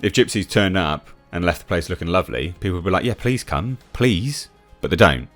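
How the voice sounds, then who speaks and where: Over faint music, a deep-voiced man from England speaks quickly with a slightly bright tone. He's a YouTube reviewer reading an article aloud and scoffing at it, laughing as he goes, restarting often, and adding opinionated commentary.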